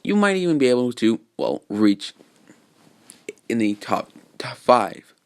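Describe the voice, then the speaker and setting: A man's voice: medium pitch, sing-song, unhurried, a little mellow. A man voicing an earnest teenage boy hero.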